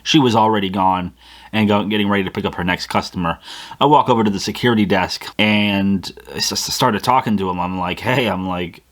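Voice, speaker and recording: A young man with a lowish voice recounts a personal mishap straight to his viewers. He talks casually and animatedly, acts out his own thoughts and often trips over and restarts his words. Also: a little fast. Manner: animated retelling with frequent restarts and acted-out inner quotes. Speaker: vlogger. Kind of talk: casual storytelling to camera.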